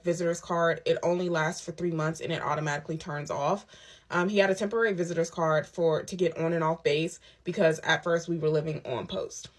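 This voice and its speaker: A woman telling her own story in a casual storytime monologue, candid and emphatic, with quick asides. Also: on the low side. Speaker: storyteller recounting a personal ordeal. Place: lives on a military base abroad.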